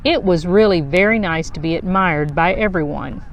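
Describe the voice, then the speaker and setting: Lady reading a kids' picture book, slow and expressive, bit low voice, faint traffic behind. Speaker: children's book reader.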